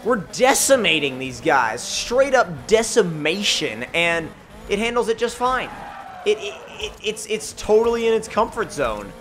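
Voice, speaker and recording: Excitable high-voiced man doing gameplay commentary. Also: measured pace, soft background music. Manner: excitable, jokey, rambling. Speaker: gaming channel host.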